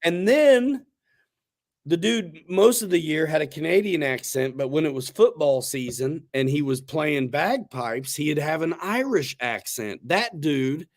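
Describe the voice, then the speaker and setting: A man's voice: on the high side, lively intonation, measured pace. A man hosting a casual livestream chat, talking in a laid-back, slangy, rambling way with restarts. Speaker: host.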